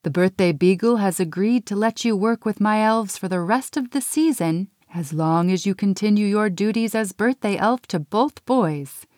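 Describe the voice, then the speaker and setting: A woman voicing a jolly, kindly old Santa Claus who talks warmly and gently. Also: medium pitch, moderate pace, few pauses, no room sound, studio quality, lightly acted. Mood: reassuring.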